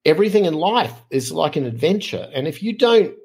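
A middle-aged man, a podcast guest telling lively anecdotes in casual conversation. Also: fairly high pitch, brisk, slightly rough. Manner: animated, lively anecdotes with frequent fillers. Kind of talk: casual storytelling.

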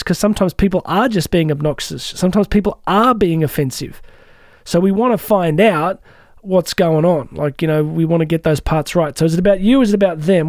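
Male podcast host, dry close sound, warm dark timbre, conversational coach with frequent asides. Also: high voice, no room sound. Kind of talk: reflective podcast talk on personal growth.

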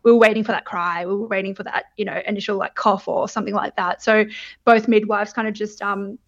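A woman's voice: mid-range voice, little pitch movement, quick pace. A young adult woman, candidly telling her birth story in casual chat, laughing often and swearing freely. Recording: dull lo-fi sound.

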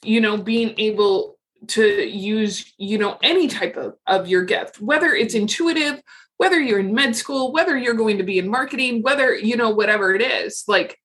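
A woman's voice: fairly high pitch, moderate pace, fairly bright tone. A middle-aged woman talking frankly and casually as a podcast guest, with lots of fillers. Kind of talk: casual interview chat.

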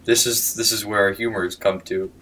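A man's voice: lowish voice, level tone, fairly quick, pushed and bright, low-quality recording. A young man co-hosting a podcast, chatting casually and animatedly. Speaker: podcast co-host. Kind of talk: casual chat.

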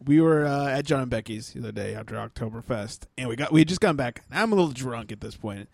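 A man co-hosting a podcast in casual chat, relaxed and wry as he reacts and tells his own stories. His pitch sits in the middle range. The recording is dry and close. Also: quick pace, gravelly, no room sound. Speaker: podcast co-host.

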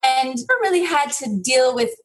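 Middle-aged woman, interview guest, earnest and reflective, slightly high voice, personal storytelling. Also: expressive, normal speed, faint music behind, rough recording. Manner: earnest, reflective, with frequent restarts.

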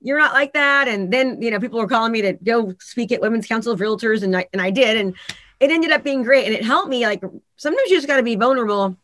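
A woman's voice: a little high, fast, no echo. A woman, a real estate agent and coach, talking candidly in a casual podcast interview and acting out the people she quotes. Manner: candid, animated storytelling with voiced quotes.

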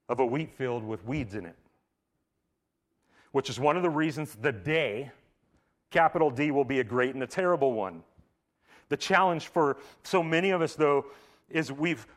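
A man preaching a Sunday sermon in a church, talking to the room in a loose, everyday way full of asides and check-ins. His voice sits at an ordinary male pitch and swings between loud, emphatic stretches and hushed, quiet ones. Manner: casual conversational preaching, many "like" and "right?" asides. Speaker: pastor. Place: church sanctuary.

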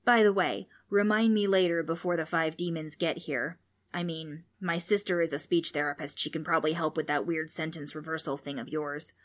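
A woman's voice: low-pitched, steady tone, moderate pace, natural voice. A woman voicing a brash, boastful ghost with a folksy, mocking way of talking. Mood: impatient.

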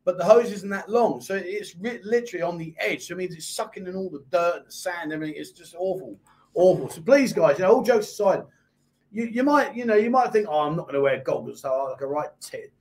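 A man's voice: high voice, lively intonation, fairly quick. A man with a London accent hosting a live chat show, reading out viewer comments and answering them in a chatty way. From England. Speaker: host. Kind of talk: casual live-stream chat.

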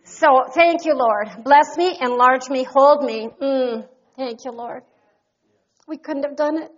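A woman's voice: high-pitched, takes it slowly, highs cut off. A woman preaching a fervent sermon, leading the congregation in call-and-response and repeated thanks.

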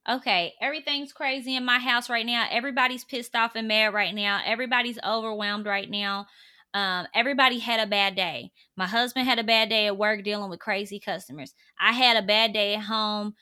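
A young pregnant woman speaks in a bright, forward voice at an ordinary middle pitch. She offers parenting advice in a casual, conversational monologue. Her delivery is earnest and direct. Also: steady tone, fairly quick.

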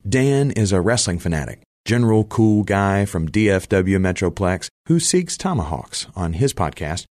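A man's voice: low voice, sing-song, moderate pace, darkish tone, no room sound, clean studio sound. A male podcast host narrating a reflective, earnest personal essay.

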